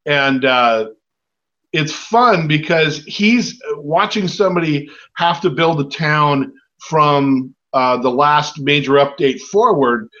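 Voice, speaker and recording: Sixties man, self-mocking podcast host, slightly high voice. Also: takes it slowly, sharp tone. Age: 60s. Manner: rambling, self-mocking, laughs often. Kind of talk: casual chat. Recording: dull lo-fi sound.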